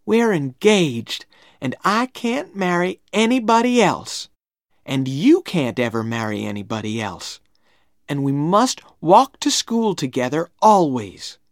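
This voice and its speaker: An eager young schoolboy in a read-aloud storybook, earnest and a little pleading, as a woman reader puts him on. The voice sits far above her own low speaking voice and moves slowly. The recording is close and dry. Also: sing-song, dry recording, heavily acted.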